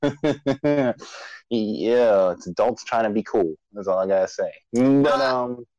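A man's voice: medium pitch, slow pace, darkish tone, no room sound, muffled recording. A man co-hosting a casual podcast, opening with a mock-grand preacher-style intro before loose, chatty talk. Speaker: podcast co-host.

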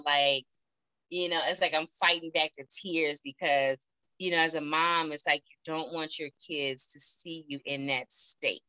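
A woman's voice: low-pitched, pushed and bright, clear, resonant tone, no room sound, poor audio. A woman in her thirties telling a personal story as an interview guest on a video call, earnest and heartfelt, with many fillers.

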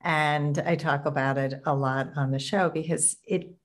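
A woman's voice: low voice, steady tone, moderate pace. A woman hosting a casual conversational interview, speaking candidly and laughing easily. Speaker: podcast host.

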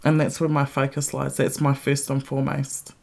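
A woman's voice: a bass voice, completely flat delivery, moderate pace, vocal fry, darkish tone. A middle-aged woman hosting a podcast, ranting bluntly with heavy swearing and strong emphasis. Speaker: podcast host. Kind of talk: casual ranting monologue.

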